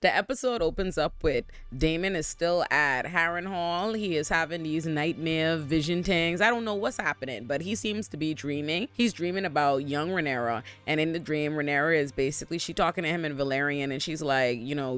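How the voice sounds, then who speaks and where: A man hosting a casual TV episode recap from a hotel room, ranting in an animated, exasperated and profane way. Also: a little high, normal speed, clean tone, faint music behind. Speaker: TV recap host.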